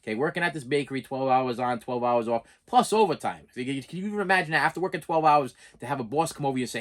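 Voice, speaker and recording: A man's voice: medium pitch, fast talker, few pauses. A middle-aged man telling a personal story to his channel, plain-spoken and emphatic, rambling, repeating phrases and restarting his sentences. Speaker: channel host.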